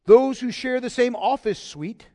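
A man preaching a sermon, emphatic and full of rhetorical questions, pausing to ask the congregation to follow along. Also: extremely high pitch, darkish tone, long reverb tail. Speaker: pastor.

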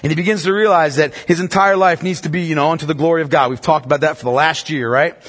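A man's voice: fairly high pitch, fairly even intonation, quick pace. A man preaching a sermon, telling a story with acted-out lines and building to impassioned exhortation. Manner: storytelling, rising to impassioned near-shouting. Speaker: pastor. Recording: reverberant hall.

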